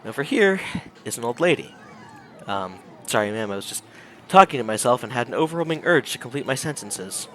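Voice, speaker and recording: A male streamer reading and narrating a visual novel, animated and jokey, laughing often. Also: medium pitch, brisk, a little hiss or hum.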